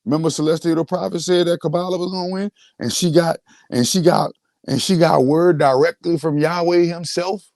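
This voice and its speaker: A man's voice: a little high, fairly even intonation, fairly quick, darkish tone, no echo. Man, boastful livestream rant, very dry sound. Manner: boastful, repetitive, restarts often. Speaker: host.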